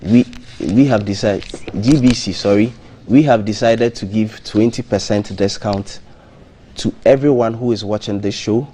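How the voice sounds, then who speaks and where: On a live TV breakfast show, a hotel marketing manager sits in the studio as a guest and gives plain promotional talk in a deep, mellow voice. He speaks in a measured way with frequent ums and restarts, over slight background noise.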